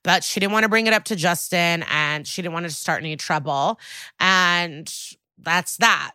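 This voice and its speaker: A woman co-hosting a podcast, casually recapping a TV episode and quoting characters in lively bursts. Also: on the low side, normal speed, clean tone, no room sound, studio quality. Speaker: podcast co-host.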